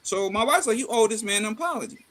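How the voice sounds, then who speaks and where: A middle-aged man chatting casually, telling a family story with lively acted-out dialogue and salty slang. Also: high-pitched, fast. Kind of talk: casual chat.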